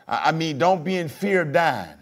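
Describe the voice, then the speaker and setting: A man preaching a sermon in call-and-response style, pushing his voice up into shouts on key lines. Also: fairly high pitch, lively intonation, moderate pace. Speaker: pastor.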